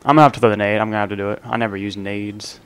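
A young man talking through a round of an online zombie game in a relaxed, joking way, counting his kills and ribbing the random players beside him. He leans in close to his desk microphone so his voice carries over the game. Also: lowish voice, racing, clean tone. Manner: casual, joking banter at other players. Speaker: gaming channel host. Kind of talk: live gameplay commentary. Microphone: desk microphone, leaning in to be heard.

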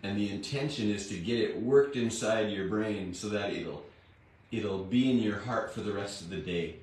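A man hosting a devotional Bible reading, talking in a homely, plain-spoken way with a slightly rough morning voice. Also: lowish voice, moderate pace, background noise. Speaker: devotional host and Bible reader. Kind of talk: slow, unhurried devotional talk. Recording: very echoey room, distant mic, faint guitar.

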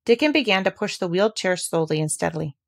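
A woman reading a classic novel aloud as narrator, with gentle, expressive storytelling. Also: lowish voice, fast talker, gravelly. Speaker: audiobook reader.

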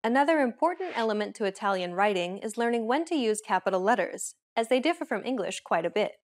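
Woman lesson host, clear measured delivery, mid pitch, scripted teaching read. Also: animated.

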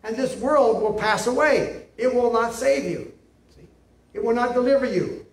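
Speaking at a moderate pace in a very high voice, a male pastor gives an emphatic sermon that circles back on itself, often checking in with "see?". It was recorded from a distance in a room with lots of echo.

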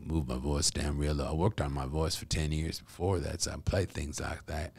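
Middle-aged guy with a really low voice, chatty and animated, dry close mic. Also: a little fast, creaky, slightly rough, no room sound. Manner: animated storyteller, laughs while talking. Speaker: guest, actor and comedian. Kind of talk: casual podcast chat.

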